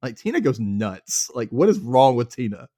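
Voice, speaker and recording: A man's voice: mid-range voice, moderate pace, dry recording, studio quality. A young man from Mississippi hosting a podcast, recapping a show in casual chat and acting out the characters. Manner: animated, laughs often, acts out characters. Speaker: podcast host.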